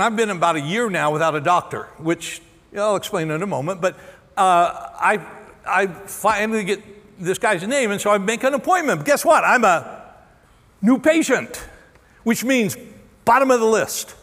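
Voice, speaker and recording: Man in his sixties, pastor, storytelling sermon, candid and self-deprecating, high voice, long hall reverb. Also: expressive, normal speed, fairly bright tone. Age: 60s.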